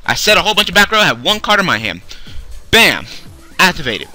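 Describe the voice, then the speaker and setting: A young man's bright, cutting voice with a highish pitch, ranting angrily at a game company. He swears constantly and turns sarcastic, with pitch leaping all over as he jumps from shouts to muttering. Soft music plays behind him. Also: sing-song, quick pace. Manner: angry, swearing, sarcastic, swinging loud to mumbling. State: tired, low on energy. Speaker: YouTube card game video host. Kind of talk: profane rant to camera.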